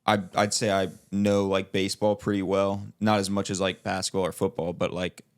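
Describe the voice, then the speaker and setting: A man's voice: low-pitched, completely flat delivery, brisk. A young man co-hosting a podcast, chatting casually and rambling with lots of filler words. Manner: rambling, many filler likes and restarts, laughs often. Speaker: podcast co-host. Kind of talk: casual chat.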